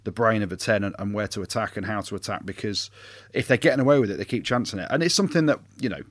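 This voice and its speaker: A man co-hosting a casual sports podcast, a former fly-half who argues his point in a lively way and laughs easily. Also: on the low side, no echo, studio quality. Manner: lively, argumentative, quick to laugh.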